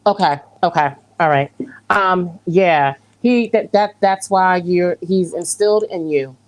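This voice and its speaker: A woman's voice: on the low side, measured pace, rough recording. A woman reading tarot, giving a psychic reading in a reassuring way and repeating phrases for emphasis. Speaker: tarot reader.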